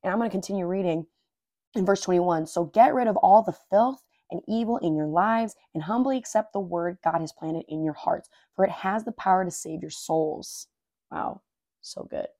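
A woman with a soft, mellow voice hosts a casual devotional podcast. She reads verses aloud, repeats them, and reflects on them in earnest, everyday language. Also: fairly low pitch, normal speed, dry recording, studio quality. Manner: earnest and informal, says "dude" and "like"; openly moved and emotional. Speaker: podcast host.

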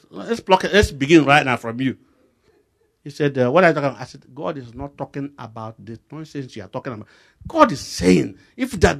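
Nigerian man, middle-aged preacher, higher voice, big swings for emphasis in storytelling sermon. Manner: animated storytelling with voice rising sharply for emphasis.

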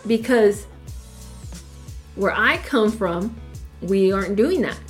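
A woman's voice: medium pitch, animated, takes it slowly, soft background music. A woman from El Paso, Texas, teaching a Torah portion in an emphatic, preachy way, often asking rhetorical questions. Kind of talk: emphatic religious lesson.

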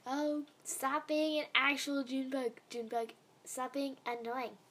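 Fed-up dragon big sister, high and slow, as a woman puts her on, exasperated tone, storybook read. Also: level tone, fairly bright tone. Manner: exasperated, pleading.

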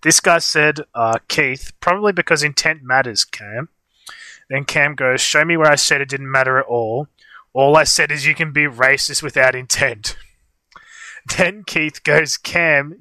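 A young man co-hosts a livestream, telling a long, meandering story in casual chat with plenty of fillers. His voice has a bright edge, and the recording is dry and close. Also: mid-range voice, dry recording. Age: young adult. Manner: rambling storytelling with frequent fillers. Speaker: livestream co-host.

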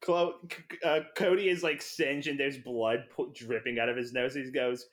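A man playing a tabletop game, joking and halting with many fillers. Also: medium pitch, fairly even intonation, a bit bright. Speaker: player. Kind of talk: casual tabletop play.

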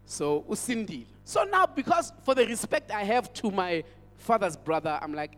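A man's voice: high-pitched, sing-song, moderate pace, a bit bright. A male pastor with a South African accent, preaching a sermon as an emphatic storyteller who repeats his phrases. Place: church hall. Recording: church hall with long reverb.

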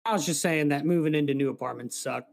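A man's voice: on the high side, quick pace, gravelly. A man co-hosting a podcast, chatting casually and rambling, swearing now and then. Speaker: podcast co-host. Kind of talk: casual chat.

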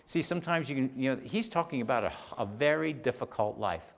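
A man delivering a sermon, rising to loud emphatic peaks and dropping to soft low asides while reading scripture. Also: animated, creaky. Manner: reads scripture aloud, often slowing for weight. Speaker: preacher. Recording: long hall reverb.

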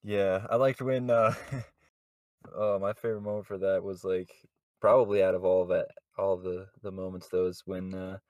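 Low, dry-voiced man hosting a podcast. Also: little pitch movement, moderate pace, darkish tone, dry recording. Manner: rambling, many fillers, chuckles often. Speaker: podcast host. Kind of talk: casual podcast chat.

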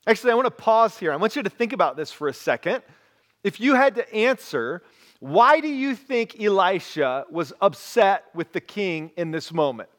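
Animated high-voiced male preacher. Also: moderate pace. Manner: animated storytelling, acts out quoted voices. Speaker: pastor. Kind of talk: sermon.

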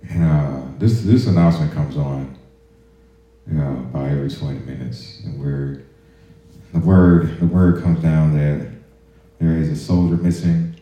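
A man's voice: very deep voice, unhurried. A man and army veteran hosting a podcast, telling stories casually in a profane, laid-back way, in an echoey room on a muffled recording. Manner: profane, laid-back, drifts into quiet asides. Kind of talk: casual storytelling.

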